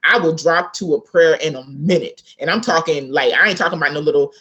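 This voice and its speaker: Recorded in lo-fi sound, a South Carolina woman author speaks low and briskly. As a guest in an easygoing interview, she relates a family story with animation, mimicking the voices of those involved.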